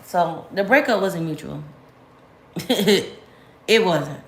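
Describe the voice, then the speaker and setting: A woman vlogger chats to camera in a casual storytime, her voice fairly low and a touch slow. She's candid, animated and slangy, and her tone rises sharply whenever she vents. The room around her is echoey.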